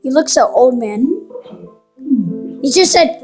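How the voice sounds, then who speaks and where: A woman's voice: high-pitched, animated, takes it slowly, pauses often, darkish tone, faint music behind. A woman commenting casually while playing a video game, playful and cheeky, teasing the characters on screen. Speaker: gaming channel host. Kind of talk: casual let's-play commentary.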